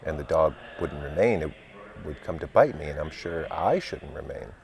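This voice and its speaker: A man's voice: extremely low pitch, animated, moderate pace, gravelly, a little mellow, slight background noise, heavily acted. A man voicing Alice, a polite and earnest young girl who objects carefully.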